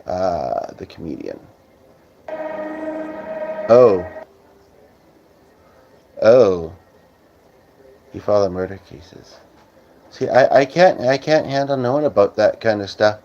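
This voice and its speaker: A man's voice: lowish voice, expressive, slow pace, pauses often, a little mellow, slight background noise. A man hosting a casual livestream, rambling with many fillers as he reads viewer comments aloud. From Canada. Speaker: livestream host. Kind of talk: casual live-stream chat. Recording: slightly dull lo-fi audio.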